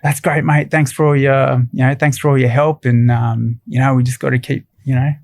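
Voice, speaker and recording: A man with an Australian accent voicing an excitable male wildlife TV presenter in a loud, high voice. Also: a little fast, gravelly, close to an everyday voice. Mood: cheerful.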